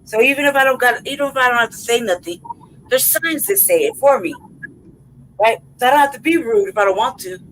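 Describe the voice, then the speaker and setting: Brisk and a bit bright, her fairly high voice comes through a rough recording with faint hiss or hum. The woman hosts a podcast and laughs through a rambling, cuss-laden story in casual chat, peppering it with "right?" and "you know what I mean?"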